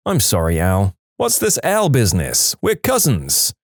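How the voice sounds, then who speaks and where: A man's voice: on the low side, huge pitch swings, measured pace, no echo, studio quality, exaggerated voice. A man doing a polite phone caller.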